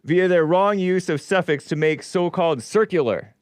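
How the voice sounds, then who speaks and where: A man's voice: sits high, normal speed, clear, resonant tone, dry recording, clean studio sound. A man hosting a casual live show, reading chat messages aloud with a wry, laughing manner. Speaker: show host.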